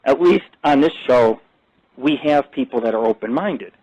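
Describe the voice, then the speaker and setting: A man's voice: mid-range voice, lively intonation, moderate pace, a little mellow, no echo, low-quality recording. A middle-aged man hosting a live internet radio talk show, ranting and boasting in crude, profane language.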